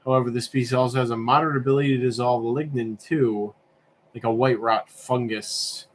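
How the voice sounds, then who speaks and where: A livestream host with a medium-pitched, fairly even voice talks a little fast, with slight background noise. He browses and thinks aloud in a casual, rambling way, musing, asking himself questions, and using fillers.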